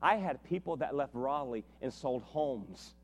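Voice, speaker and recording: A man preaching a sermon as a pastor, telling a story with lively acted-out dialogue. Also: medium pitch, a little slow. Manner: animated storytelling, acts out dialogue with big swings in loudness. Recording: long reverb of a large hall.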